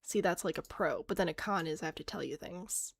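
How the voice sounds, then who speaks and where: A woman's voice: lowish voice, a little fast, husky. A woman streaming a game, chatting casually, thinking aloud and answering chat with self-mocking laughs. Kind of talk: casual live-stream chat while playing.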